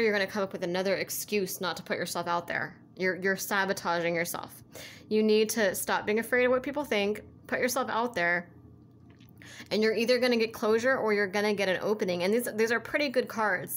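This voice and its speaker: A woman giving a casual tarot reading who rambles, repeats herself and keeps saying "like" and "you know", in an earnest, coaxing way. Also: mid-range voice. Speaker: tarot reader.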